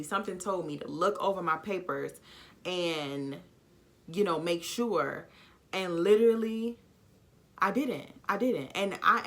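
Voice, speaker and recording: Sassy, blunt young woman vlogging. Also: fairly low pitch. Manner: animated and blunt, with sassy asides to viewers. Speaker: YouTuber telling a story. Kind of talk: casual storytime vlog. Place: home, dog snoring nearby.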